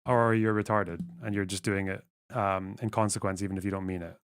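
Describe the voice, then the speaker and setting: A man's voice: low-pitched, flat delivery, fairly quick, smooth, no echo, clean studio sound. A male streamer in casual live-stream commentary, reading text aloud and reacting with sarcastic, profane remarks.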